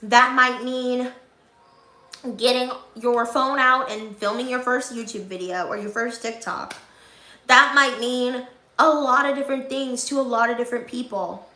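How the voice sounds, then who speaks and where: A young woman with a bright, fairly high voice gives her viewers upbeat, encouraging advice, almost preaching. The sound is echoey, like a bare room. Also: fairly even intonation, unhurried. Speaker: vlogger. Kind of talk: motivational vlog talk.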